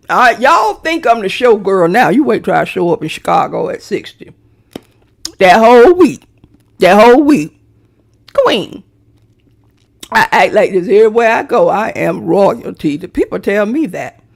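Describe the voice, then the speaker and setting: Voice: mid-range voice, very animated, normal speed, creaky. A middle-aged vlogger ranting to viewers in a brash, profane, theatrical way, straight into a phone or webcam.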